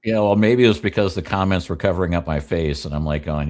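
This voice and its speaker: A man's voice: deep voice, quick pace, darkish tone. A man on a casual political talk panel, wry and joking, often laughing at his own remarks. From Oregon. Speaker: regular panelist.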